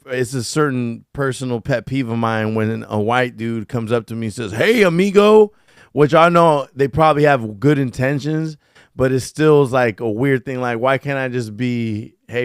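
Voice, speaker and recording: A man's voice: medium pitch, steady tone, normal speed, clear, resonant tone, dry recording, clean studio sound. A man hosting a casual podcast, talking in a thoughtful, rambling way. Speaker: podcast host.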